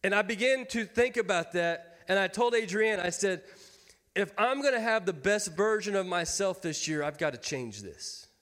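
A man's voice: high-pitched, expressive, normal speed, fairly bright tone. A man in his thirties preaching a sermon as pastor, folksy and joking with his congregation. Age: 30s. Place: church sanctuary. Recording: long hall reverb.

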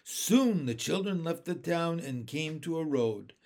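Lively man narrating a children's book. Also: a little high, measured pace.

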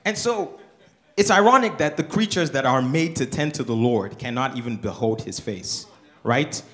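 Animated man with a lively voice. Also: mid-range voice, moderate pace. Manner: animated, asks rhetorical questions, laughs often. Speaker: co-host of a church discussion show. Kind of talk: casual Bible study discussion.

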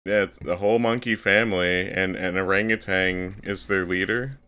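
A man's voice: low-pitched, fairly even intonation, normal speed, pushed and bright, clear, resonant tone. A man recapping a film's plot on a casual podcast in a matter-of-fact way.

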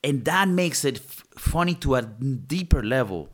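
A man's voice: medium pitch, animated, a little slow. Casual male podcast co-host, loose and profane. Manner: casual, swears freely, restarts. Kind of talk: casual movie review chat.

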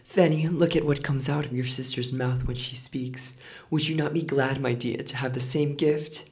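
A man voicing a greedy, scolding mother of two girls, with a shrill, excitable voice. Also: moderate pace, close to an everyday voice. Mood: excited, shrill.

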